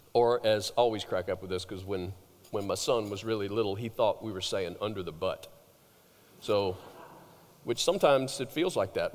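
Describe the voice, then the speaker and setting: A man preaching a sermon, telling the story with animated swings between loud emphasis and hushed, drawn-out words. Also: fairly low pitch, in a large hall. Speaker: pastor.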